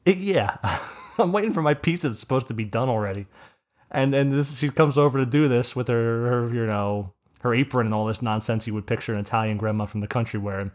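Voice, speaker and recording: Speaking briskly in a mid-range voice, a podcast host swaps stories with his co-host in loose, rambling, foul-mouthed conversation.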